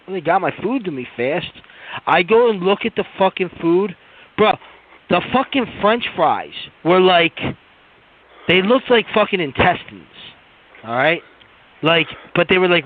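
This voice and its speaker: A man telling a long, profane, rambling story on a podcast, full of fillers and restarts. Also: on the high side. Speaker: podcast co-host. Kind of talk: casual storytelling rant. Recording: tinny phone-like line.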